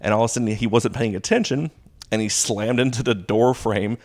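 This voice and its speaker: A man in his thirties, a stand-up comic and drama teacher, telling stories casually and acting out quotes in a higher pitch. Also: brisk. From Houston, Texas. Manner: animated storytelling, acting out quotes with a jump in pitch. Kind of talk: casual storytelling.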